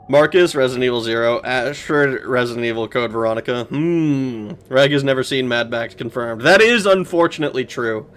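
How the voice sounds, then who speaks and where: A man's voice: mid-range voice, a little fast, hardly any pauses, fairly bright tone. Rambling man streaming a game. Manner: rambling, swears, laughs, talks back to chat. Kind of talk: casual gameplay commentary.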